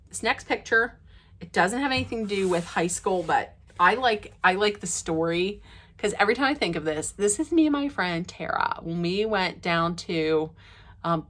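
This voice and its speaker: A woman vlogger tells stories to the camera in a casual way and laughs often. When she gets excited, her voice jumps high and loud.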